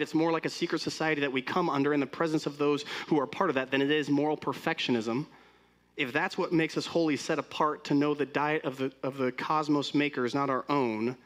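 A man's voice: mid-range voice, a bit bright. A man preaching a sermon as pastor, speaking conversationally and putting many rhetorical questions to the congregation.

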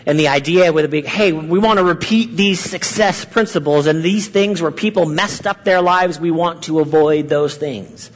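A man's voice: on the high side, normal speed, hardly any pauses, in a large hall, low-quality recording. A man preaching a sermon as pastor, earnest and repetitive, posing many rhetorical questions.

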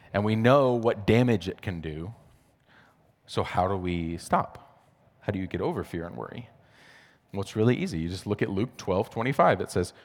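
Young guy preaching, chatty and loose with lots of "like", lowish voice, echoing hall. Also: a bit bright. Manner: conversational, filler-heavy with frequent "like". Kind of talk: casual sermon. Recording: reverberant hall.

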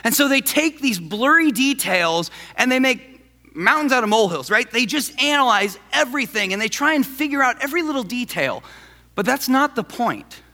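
Brief: male pastor, lively, high-pitched, chatty sermon in a reverberant church. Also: normal speed. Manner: animated, conversational preaching.

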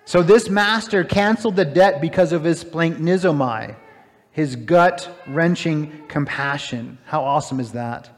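A man preaching a sermon, retelling a parable with animated, emphatic, incredulous asides. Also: a little high, normal speed, few pauses. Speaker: pastor. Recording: long hall reverb.

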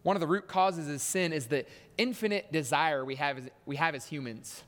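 A man's voice: fairly high pitch, moderate pace, fairly bright tone, in a large hall. A man preaching a sermon in a church, telling stories and acting out voices with punchy emphasis.

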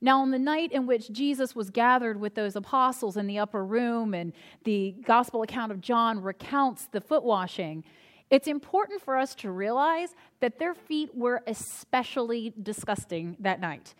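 A woman pastor with a high voice delivers a sermon. Her preaching is conversational and relaxed, and she tells humorous stories from her own ministry. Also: normal speed.

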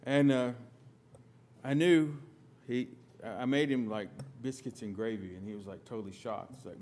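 A middle-aged man from the United States preaching a sermon, telling stories with sudden loud emphatic bursts and quiet asides. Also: mid-range voice, moderate pace, a little hiss or hum. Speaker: pastor.

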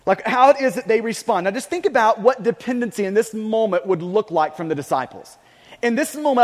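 A man's voice: sits high, lively intonation, fairly quick. A male pastor preaching a sermon earnestly, often stammering and repeating words. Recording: long reverb of a large hall.

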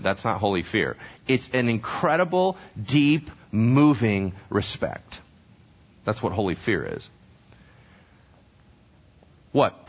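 Animated male preacher, lively pitch. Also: moderate pace, breathy edge, dull audio. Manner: animated preaching, asking the congregation questions and answering them. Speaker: pastor. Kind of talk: sermon teaching from scripture.

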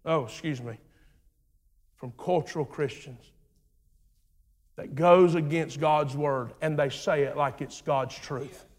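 A pastor with a high, steady voice preaches slowly and deliberately, his rhythmic delivery rising to shouts before dropping to hushed, low phrases. A church hall's long reverb rings through the sound.

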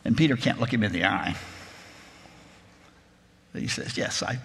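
Gravelly preacher in a reverberant hall. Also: male voice, fairly low pitch, lively intonation, normal speed. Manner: reflective, imaginative retelling with rising intensity. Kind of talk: storytelling sermon. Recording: long reverb of a large hall.

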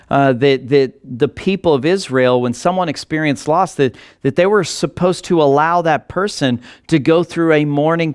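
Male pastor preaching, earnest and emphatic, fairly high voice, dry close sound. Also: no echo. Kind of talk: sermon.

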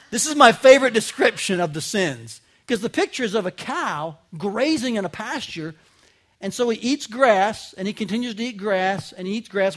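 A male pastor with a notably high voice delivers an emphatic sermon. He surges to loud, forceful peaks, then drops to quiet asides, and keeps throwing rhetorical questions at the congregation. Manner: emphatic preaching, rising to loud peaks and dropping low.

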